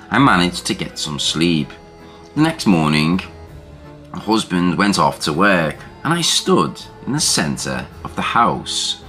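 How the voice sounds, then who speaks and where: A man reads a first-person haunting tale in deliberate, unhurried scripted narration. His voice sits very low yet carries a bright, forceful edge. Soft music plays faintly underneath.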